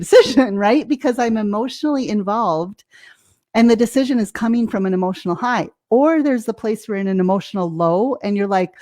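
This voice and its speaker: A woman's voice: mid-range voice, darkish tone. An American woman, a life coach as guest, explaining things casually, laughing often and acting out her own reactions. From United States.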